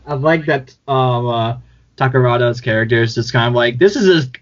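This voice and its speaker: A man of middle pitch talks loosely on a podcast, circling with fillers and frequent laughs. The sound is dull and lo-fi. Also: fairly quick. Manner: rambling, many fillers, laughs often. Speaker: podcast co-host. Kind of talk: casual podcast chat. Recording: dull lo-fi audio.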